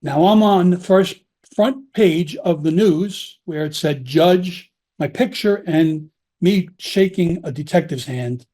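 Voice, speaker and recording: Speaking slowly with barely any pauses, a middle-aged podcast guest describes his years behind bars, swearing freely and staying lively and direct. His pitch runs fairly high for a man, with a husky, mellow warmth, and the feel is that of a relaxed interview.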